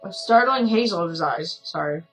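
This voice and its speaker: A woman's voice: on the low side, animated, normal speed, a bit bright, soft background music, poor audio. A tired woman streamer reading a story game aloud, with chatty asides and frequent self-corrections.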